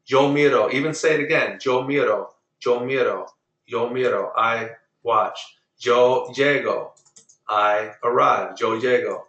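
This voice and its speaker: A man's voice: mid-range voice, a little slow, fairly bright tone, reverberant, muffled recording. A man teaching a Spanish class online, drilling verb forms and correcting pronunciation patiently. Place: online video meeting.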